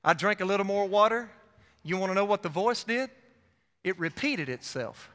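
In a church sanctuary with long reverb, a man with a bright, ringing, fairly high voice gives an evangelistic sermon at a moderate pace. His animated, dynamic delivery swings sharply from loud surges to low tones as he retells his own story, often quoting himself.

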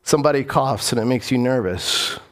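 A man's voice: mid-range voice, fairly quick. A man preaching a sermon as pastor, repeating key phrases for emphasis and putting questions to his congregation.

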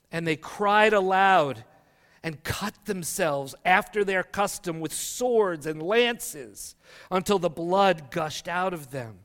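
A man preaching a sermon as a guest preacher, reading scripture dramatically and dropping to a hush for emphasis. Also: high-pitched, animated, takes it slowly. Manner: dramatic scripture reading, swinging from loud to hushed. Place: church sanctuary. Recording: long church reverb.

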